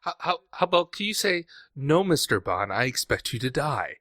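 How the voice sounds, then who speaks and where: A man's voice: on the high side, big pitch swings, normal speed, a bit bright, dry recording, clean studio sound. A man hosting a podcast, chatting casually and joking, often laughing. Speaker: podcast host.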